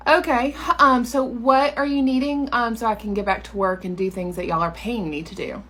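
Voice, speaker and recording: A woman's voice: fairly high pitch, steady tone, moderate pace, few pauses, a bit bright. A young woman performing a comedy sketch as a sarcastic, sassy salon worker. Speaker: comedy skit creator. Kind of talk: comedy sketch about workplace.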